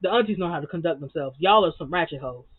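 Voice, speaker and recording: A man with a high voice gives a sassy, slang-heavy recap of a reality show. He hammers his points home by repeating words. The sound is dry and tinny, like it is coming over a phone line. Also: lively intonation, fast talker, breathy edge, no echo. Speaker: TV recap vlogger.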